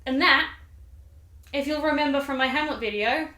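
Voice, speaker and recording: A woman's voice: high-pitched, moderate pace, pushed and bright. A woman hosting a comedic summary of a play, chatty and sarcastic, with rambling asides. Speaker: video host. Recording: roomy echo.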